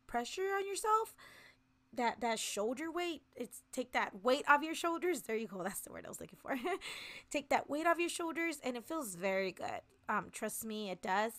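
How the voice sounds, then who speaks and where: A woman's voice: a little high, a bit bright. A woman in her thirties hosting a casual motivational talk, speaking earnestly and encouragingly straight to her listeners. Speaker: podcast host.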